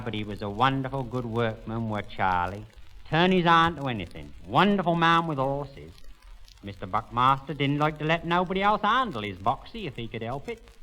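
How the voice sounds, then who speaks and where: An actor playing a sly old countryman, telling deadpan tall tales in broad village in a comic monologue. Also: mid-range voice, rough recording. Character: old rustic countryman, sly, rambling yarn-spinner.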